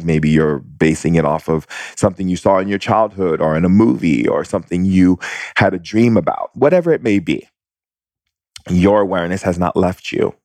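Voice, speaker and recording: A man, a spiritual teacher, talking in a reflective monologue with slow, deliberate, drawn-out phrasing and long run-on sentences. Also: deep voice, darkish tone, no echo.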